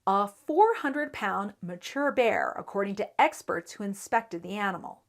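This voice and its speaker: A woman reporter narrates a local news segment in a steady, measured way. Her voice sits in an ordinary middle pitch and keeps a scripted newsreader cadence throughout. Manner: measured, even newsreader delivery.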